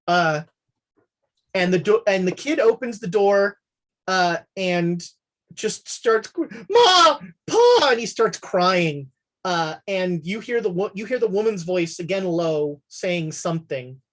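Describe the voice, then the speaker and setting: A woman with a lowish voice runs a tabletop horror game as game master. Her narration is relaxed and halting, full of fillers.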